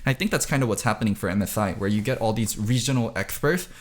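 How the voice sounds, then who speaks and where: Hosting a casual esports podcast, this content creator speaks reflectively and fills his talk with "like." His voice is lowish and fast.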